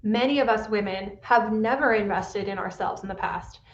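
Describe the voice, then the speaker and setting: A woman's voice: mid-range voice, normal speed, roomy sound, a little hiss or hum. Woman, podcast host, earnest coaching talk, slightly muffled recording. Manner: coaching, earnest, often asks "right?". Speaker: pain specialist, podcast host.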